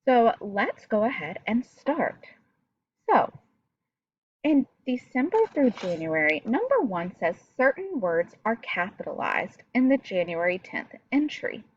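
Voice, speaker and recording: A woman's voice: fairly high pitch, big pitch swings, unhurried, dull audio, slight background noise. A woman teaching a recorded reading lesson, explaining step by step and talking directly to her pupils.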